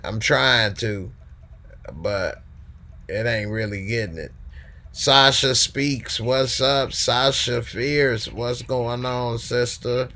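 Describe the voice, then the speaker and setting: A man hosting a live call-in stream in a relaxed, slangy way, reading out and answering viewer comments. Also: medium pitch, slow pace. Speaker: host of a live call-in show. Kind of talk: casual live-stream chat.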